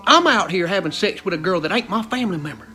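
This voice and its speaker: A man with a thick South Carolina accent rants through a stand-up bit in a very high, bright voice. He talks in a rowdy, exasperated hillbilly drawl. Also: lively intonation, fast talker, faint music behind. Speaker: stand-up comedian. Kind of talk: stand-up comedy rant.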